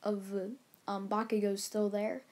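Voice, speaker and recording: A woman's voice: mid-range voice, flat delivery, a little slow, a little mellow. A woman casually retelling a story as a channel host, rambling along with restarts and filler words.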